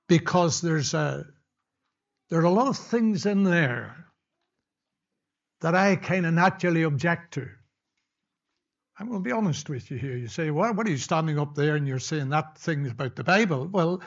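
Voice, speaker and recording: Older male preacher, fairly high voice, candid conversational sermon, lo-fi church recording. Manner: candid, conversational, with frequent restarts.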